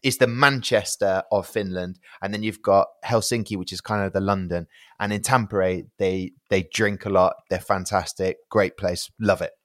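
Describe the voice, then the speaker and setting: A male comedian guest tells rambling stories and giggles through a casual chat. His voice sits low, and the recording is dry and close. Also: steady tone, moderate pace, dry recording.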